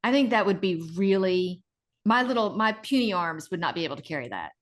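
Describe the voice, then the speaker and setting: A middle-aged woman co-hosting a casual podcast, retelling stories in an animated way and acting out the people in them. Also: fairly low pitch, a little fast. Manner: animated retelling with acted-out voices. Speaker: podcast co-host.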